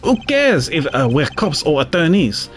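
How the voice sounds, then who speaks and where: A man voicing an eager young male assistant in a game with a put-on French accent, talking in an earnest, excitable way. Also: fairly high pitch, normal speed, faint music behind. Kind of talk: reading game dialogue aloud.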